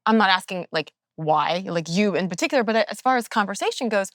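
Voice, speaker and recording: An earnest woman hosts a podcast interview and makes her points in a measured, opinionated way. Her voice sits in a mid range, and the sound is dry and close to the mic. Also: medium pitch, lively intonation, fairly bright tone, dry recording. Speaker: podcast host. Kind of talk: interview conversation.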